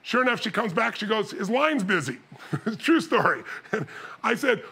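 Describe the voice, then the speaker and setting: Gravelly, animated male storyteller. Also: very high-pitched, moderate pace. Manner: animated, acts out dialogue, laughs often. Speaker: motivational speaker. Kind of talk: storytelling to an audience.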